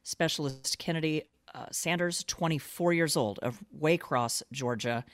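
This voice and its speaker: A man co-hosting a talk radio show, lively and quick to laugh in banter. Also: a little high. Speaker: radio co-host. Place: radio studio.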